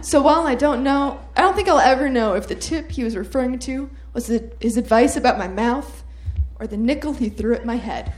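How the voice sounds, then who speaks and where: A woman performing stand-up on a comedy stage, telling a story with deadpan mock-earnest delivery into a handheld mic. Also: high voice, fairly quick. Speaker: comedy debate contestant. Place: comedy stage with live audience.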